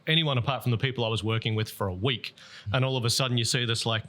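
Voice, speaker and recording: Bright-voiced Australian man telling stories. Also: medium pitch, very fast. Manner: storytelling, relaxed with restarts. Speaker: podcast guest. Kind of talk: casual chat.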